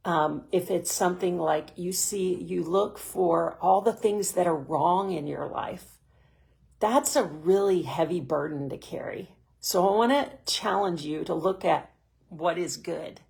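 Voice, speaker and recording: A woman's voice: fairly low pitch, creaky, darkish tone. A middle-aged woman hosting a heartfelt motivational talk for a women's group, speaking earnestly and sometimes near tears. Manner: earnest, heartfelt, emotional storytelling. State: tearful at moments. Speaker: host.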